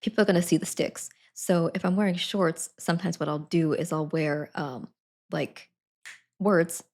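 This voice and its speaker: A woman's voice: on the low side, steady tone, normal speed, a little mellow. A woman chatting casually to her live stream audience, giggling between sentences. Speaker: Twitch streamer.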